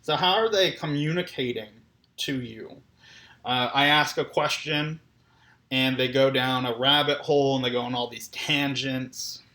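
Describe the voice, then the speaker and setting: A man's voice: medium pitch, unhurried, sharp tone. A man giving a conversational lecture on clinical assessment, often checking in with "right?". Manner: conversational, keeps asking "right?". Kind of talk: recorded lecture.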